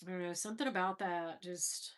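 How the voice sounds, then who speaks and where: A woman's voice: fairly low pitch, steady tone, fairly quick. A middle-aged woman hosting a casual livestream, chatting and laughing as she scrolls through old photos, her nose stuffy after crying. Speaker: livestream host.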